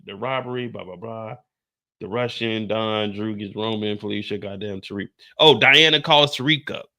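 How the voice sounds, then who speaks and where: Bright-voiced, blunt man ranting. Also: lowish voice, normal speed. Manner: animated, profane, blunt. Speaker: TV show recap host. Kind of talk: live-stream episode commentary.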